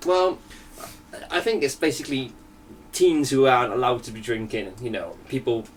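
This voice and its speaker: A man's voice: mid-range voice, moderate pace, far from the mic, a little hiss or hum. A young man in casual podcast banter, chatty, laughing often, at times reading a news story aloud. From Wales. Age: young adult. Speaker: podcast co-host.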